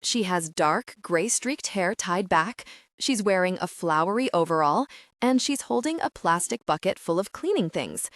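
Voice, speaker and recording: Animated woman audiobook narrator. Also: lowish voice, normal speed, dry recording, studio quality. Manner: animated, expressive storytelling. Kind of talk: first-person audiobook narration.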